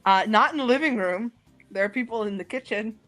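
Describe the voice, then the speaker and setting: A woman narrating a tabletop game as game master, speaking in a relaxed, unhurried way with many fillers. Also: on the high side, rough recording. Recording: faint background music.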